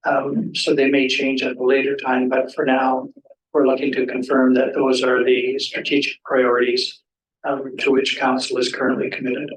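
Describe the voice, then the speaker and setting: A man's voice: mid-range voice, completely flat delivery, distant mic, a little hiss or hum. Man chairing a meeting in an echoey room. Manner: measured, procedural, with frequent ums. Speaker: mayor chairing a council meeting. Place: council chamber.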